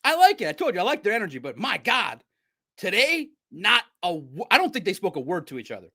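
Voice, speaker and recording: A man hosting a live sports recap stream, talking in a rambling, excitable way with frequent laughs. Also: fast, husky. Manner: animated swings between loud outbursts and low asides. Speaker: sports podcast host.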